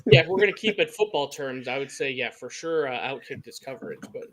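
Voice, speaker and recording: A man's voice: mid-range voice, expressive, fast, a crowd in the background. A man co-hosting a podcast in casual chat, telling stories animatedly and acting out quotes. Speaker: podcast co-host.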